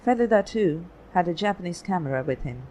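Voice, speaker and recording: Steady audiobook narrator. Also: medium pitch, fairly quick, slight background noise, poor audio. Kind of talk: scripted narration.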